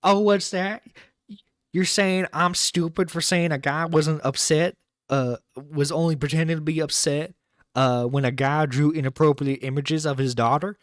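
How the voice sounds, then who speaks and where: A man's voice: fairly high pitch, steady tone, normal speed, dry recording, studio quality. Exasperated man ranting on a live stream. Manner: exasperated, incredulous ranting with swearing. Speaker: internet radio host reacting to a clip.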